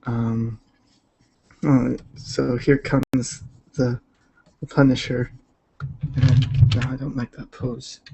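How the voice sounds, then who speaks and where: A man's voice: mid-range voice, flat delivery, takes it slowly, creaky, long pauses, background noise. A man chatting casually while drawing on a livestream, laid-back and rambling with many fillers. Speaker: digital artist streaming.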